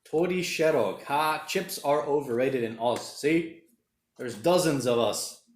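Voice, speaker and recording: A man whose first language is Portuguese hosts a casual livestream from a room at home during lockdown, rambling and reading viewer comments aloud. His voice is medium-pitched and a little slow, with a roomy sound.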